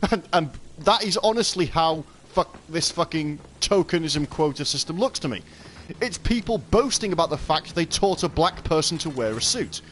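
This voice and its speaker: Lively, sarcastic British man, tipsy. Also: a little high, moderate pace, slight background noise. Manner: sarcastic, sweary, ranting. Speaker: gaming channel host. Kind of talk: casual gaming commentary rant.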